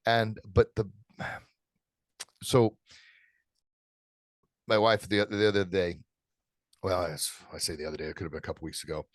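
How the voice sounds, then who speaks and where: Emotional man, low halting voice. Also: level tone, dry recording, studio quality. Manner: emotional, halting, many restarts. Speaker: podcast guest, martial arts instructor. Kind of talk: casual interview chat.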